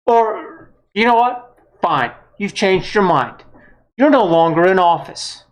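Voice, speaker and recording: A woman's voice: medium pitch, lively intonation, slow. A woman giving a blunt, heated political opinion monologue, with some mild swearing. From United States. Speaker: vlogger.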